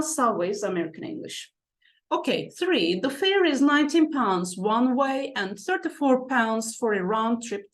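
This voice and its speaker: A woman's voice: medium pitch, creaky. A woman who is a native Turkish speaker, teaching English vocabulary in a patient classroom manner. She repeats key words and keeps checking in with "okay?" and "right?". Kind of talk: classroom-style explanation.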